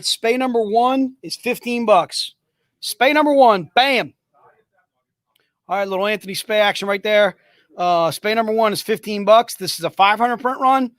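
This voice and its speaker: Upbeat man hawking comics, high voice. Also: normal speed, fairly bright tone, dry recording. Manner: upbeat, repetitive hawking, joking asides. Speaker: host selling comic books. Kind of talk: livestream sales pitch.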